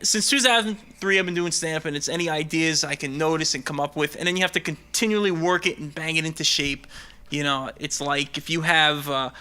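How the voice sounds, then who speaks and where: A stand-up comedian from Brooklyn, performing an animated set that slips into quick character voices. He has a high voice with a very bright, forceful edge. He also banters casually as an interview guest. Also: clear, resonant tone. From Brooklyn, New York. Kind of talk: stand-up routine, then casual interview chat.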